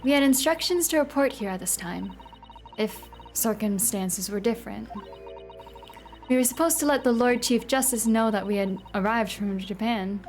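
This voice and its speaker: A woman's voice: on the high side, normal speed, a little mellow, soft background music, natural voice. Woman reading a polite young assistant. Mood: composed.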